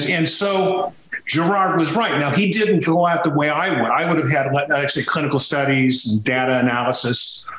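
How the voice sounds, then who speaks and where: A man's voice: on the high side, a bit bright, roomy sound, rough recording. A man from Sicily talking as a podcast guest, telling his story emphatically with frequent restarts. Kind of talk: conversational podcast interview.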